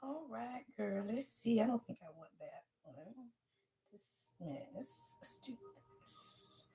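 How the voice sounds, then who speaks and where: A woman with a fairly high voice hosts a spiritual livestream in a loose, conversational way. She is emphatic and blunt, swears casually, and checks in with her viewers constantly through "y'all" and "right?". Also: lively intonation, takes it slowly, gravelly, mellow. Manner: blunt and salty, with casual cursing. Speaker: spiritual reader and livestream host.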